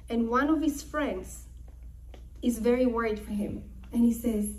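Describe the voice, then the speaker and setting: A woman's voice: a little high, a little slow, darkish tone. Emphatic woman retelling Bible stories. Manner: emphatic, with repeated phrases. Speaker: Torah teacher. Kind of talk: dramatic retelling of a Bible story.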